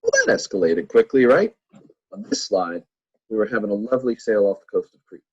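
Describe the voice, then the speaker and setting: A man's voice: lowish voice, huge pitch swings, brisk, breathy edge, no room sound, lo-fi sound. A man teaching a church Bible lesson in a playful way, full of jokey asides to his listeners.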